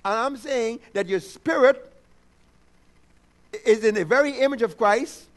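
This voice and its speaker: A man preaching a sermon, calling out for responses and repeating affirmations, stretching key words slowly for emphasis. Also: very high-pitched. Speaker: pastor.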